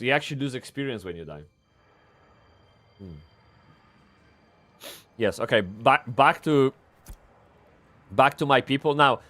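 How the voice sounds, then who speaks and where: Lively, bright-voiced man streaming games. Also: medium pitch. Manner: rambling, swears a lot, swings from excited yelling to mutters. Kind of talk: live gameplay commentary.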